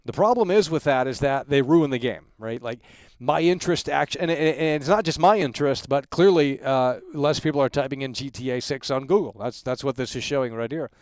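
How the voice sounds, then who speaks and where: Hardly pausing, a man with a mid-range voice moves fairly quickly as he hosts a casual livestream talk show, recorded with no echo. He hypes the viewers through repeated catchphrases and rambles on about his opinions with many restarts and fillers.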